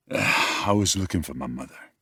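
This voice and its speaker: A brooding young wolf king with a very deep, husky voice for a fantasy romance audiobook. He talks in an easygoing, teasing way. The studio sound is close and completely dry. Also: animated, a little slow, dry recording, full character voice. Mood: wistful. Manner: easygoing, teasing, turns quiet and wistful. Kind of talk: dual-narration audiobook acting. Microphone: close studio mic, dry.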